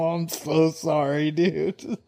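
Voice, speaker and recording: A man's voice: fairly high pitch, mellow. A man co-hosting a casual podcast over a remote call, laughing often and joking at his own expense. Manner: laughs a lot, self-deprecating. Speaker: podcast co-host.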